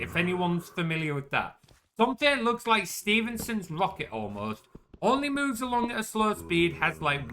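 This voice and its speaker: A man's voice: sits high, bright, forceful tone, slight background noise. A man chatting casually while streaming a game, rambling and answering his chat with lots of "like". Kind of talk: casual gaming commentary.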